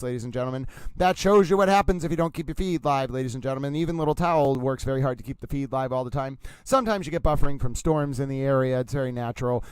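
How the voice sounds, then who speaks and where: A man's voice: mid-range voice, clean tone, no echo. A man with a Massachusetts accent hosting a livestream, rambling playfully in a mock-grand, announcer-like manner. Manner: announcer-like delivery, mock-grand, keeps addressing "ladies and gentlemen". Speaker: livestream host.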